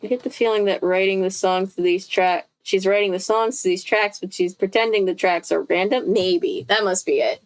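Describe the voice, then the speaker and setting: A woman's voice: medium pitch, moderate pace, hardly any pauses. A woman reading a book aloud, breaking off often to react and laugh. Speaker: host.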